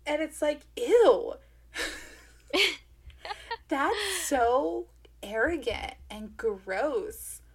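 A woman's voice: high-pitched, very slow, pauses often. A young woman co-hosting a book podcast, retelling scenes with lots of laughter and "like" fillers. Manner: giggly, animated retelling with "like" fillers. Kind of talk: casual book chat.

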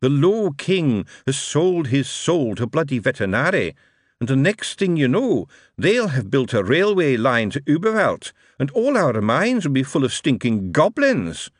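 A man reading an audiobook, voicing a bitter, hateful male dwarf who talks slowly and scornfully from the shadows. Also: mid-range voice, very animated, dry recording, studio quality, voice pushed up. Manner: slow, scornful, conspiratorial.

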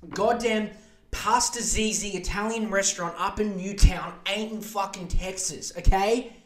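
Profane young Australian podcast ranter. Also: male voice, high-pitched, measured pace. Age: 20s. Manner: profane, animated, mock voices for others. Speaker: podcast host. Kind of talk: casual comedic rant.

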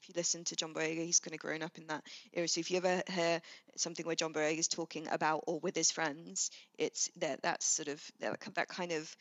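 A woman's voice: sits low, level tone, fairly quick, few pauses, fairly bright tone, no room sound, highs cut off. A young woman with a Southwest London accent, a casting associate chatting as a podcast guest, thoughtful and restarting her sentences often. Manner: thoughtful, with frequent restarts and fillers. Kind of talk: casual chat.

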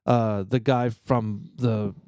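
A man's voice: fairly low pitch, level tone, takes it slowly, dark tone, dry recording, studio quality. A man co-hosting a casual podcast, telling a rambling, profane story full of restarts. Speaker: podcast co-host.

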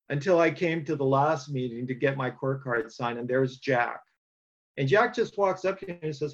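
A man's voice: medium pitch, a little fast, highs cut off. A man giving a personal testimony at a recovery meeting, telling his story plainly with dry humor and frequent fillers.

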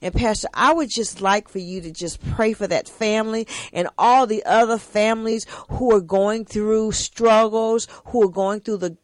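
An impassioned woman hosts a faith talk show and keeps turning to her guest by title. Her voice sits at a middle pitch, recorded close and dry with no room sound. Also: normal speed, hardly any pauses, no echo, low-quality recording. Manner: impassioned, repeatedly addressing the pastor. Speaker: host.

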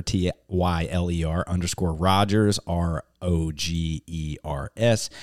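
A male podcast host with a low, deep voice, chatting casually. He rambles and restarts his sentences. The sound is dry and close, with no room echo. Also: darkish tone. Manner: rambling, self-interrupting and laughing. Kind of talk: casual chat.

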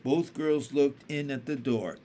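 A man reading a children's book aloud with expressive storytelling. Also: mid-range voice, a little slow, a little hiss or hum. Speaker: audiobook reader.

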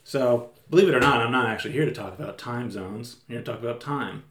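A man chats as a podcast guest, rambling along and restarting his sentences. His voice is middle-pitched. It is recorded in a roomy, echoey space. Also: fast talker, fairly bright tone. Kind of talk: casual chat. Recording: roomy echo.

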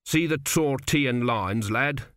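A man's voice: medium pitch, slow pace, a bit bright, dry recording, clean studio sound. A man voicing a blunt male army sergeant who talks brusquely and matter-of-factly. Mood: gruff.

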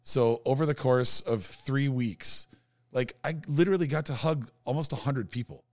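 A man's voice: medium pitch, moderate pace, no room sound. A man co-hosting a casual podcast chat, talking with enthusiasm. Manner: enthusiastic, excited.

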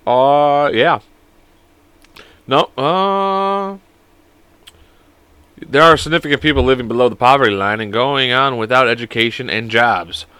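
Young dude rambling on his podcast, swears a lot, bright voice, super dry close mic. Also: mid-range voice, unhurried, long pauses, clear, resonant tone, no room sound. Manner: rambling, profane, joking. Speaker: podcast host. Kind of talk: casual solo podcast chat.

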